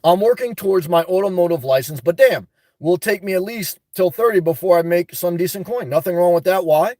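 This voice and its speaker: A man hosting a livestream from inside his car, reading out viewer comments and answering bluntly, often breaking into loud, laughing rants. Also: sits high, animated, a little fast, no room sound, studio quality. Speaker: livestream host. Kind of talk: live-stream chat reading.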